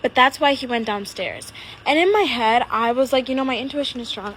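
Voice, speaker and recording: A young woman telling a story about a bad date, animated and swearing, with lots of "like" fillers. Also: fairly high pitch, a little fast, slight background noise, poor audio. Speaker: social media storyteller. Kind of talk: storytime monologue. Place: outside her home.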